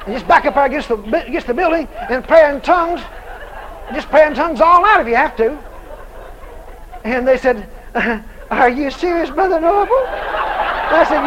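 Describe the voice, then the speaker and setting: High-voiced, lively preacher man telling a story. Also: moderate pace, crowd noise, noisy background. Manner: animated storyteller acting out dialogue, laughing. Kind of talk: sermon storytelling.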